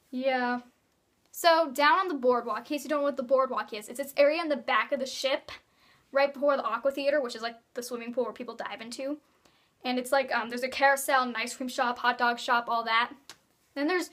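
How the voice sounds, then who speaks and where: Teen girl vlogger, high bright voice, giggly rambling chat. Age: teens. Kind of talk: casual vlog chat.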